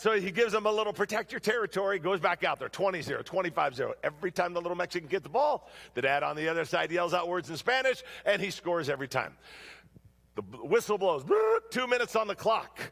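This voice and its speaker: Middle-aged male preacher, high voice with a gravelly edge, lively storytelling sermon. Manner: animated storytelling, humorous asides. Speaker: guest preacher. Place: church sanctuary.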